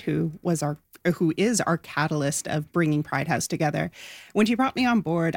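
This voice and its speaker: Animated woman guest, dry close sound. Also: low voice, dry recording. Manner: animated, emphatic storytelling. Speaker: guest, sports journalist. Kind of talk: conversational interview.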